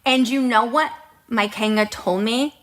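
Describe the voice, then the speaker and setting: A woman's voice: on the high side, unhurried. A woman in her thirties co-hosting a podcast, chatting casually and retelling conversations with lots of fillers. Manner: chatty, many fillers and quoted dialogue. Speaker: podcast co-host.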